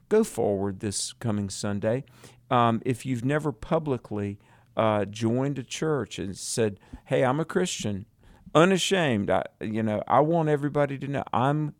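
A man co-hosting a radio Bible teaching show, speaking earnestly and slowing down to stress his points. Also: mid-range voice, vocal fry, no echo. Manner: earnest, exhorting, slows for emphasis.

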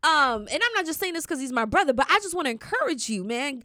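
Woman host, high voice, big swooping pitch, dry close sound, faith talk show, animated storytelling. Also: fast, dry recording.

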